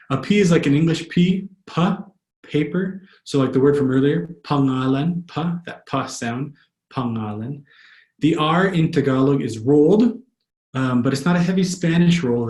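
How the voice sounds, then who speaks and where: A man teaching pronunciation, slowly repeating each word for his learners. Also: mid-range voice, a little mellow. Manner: slow, repeats words carefully for learners. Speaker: language tutor. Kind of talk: pronunciation lesson. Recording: echoey room.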